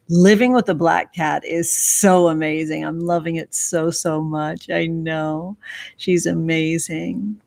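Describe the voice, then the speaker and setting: A woman's voice: lowish voice, a little mellow. Effusive woman greeting livestream viewers. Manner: effusive, affectionate, calls viewers sweetheart. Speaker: livestream host, tarot reader.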